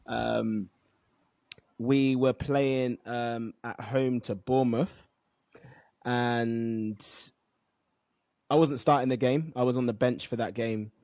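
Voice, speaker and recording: A man's voice: mid-range voice, fairly even intonation, slow, long pauses, a little mellow, no echo, clean studio sound. A man co-hosting a football podcast, telling a story in a laid-back, sweary way. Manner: laid-back, sweary, with short backchannel replies. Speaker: podcast co-host. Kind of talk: casual storytelling chat.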